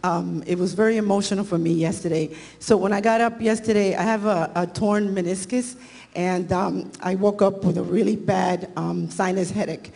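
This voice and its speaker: A woman with a husky voice giving an emotional church testimony, close to tears. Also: mid-range voice, fairly even intonation, normal speed, dark tone, big-room sound. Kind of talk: personal testimony.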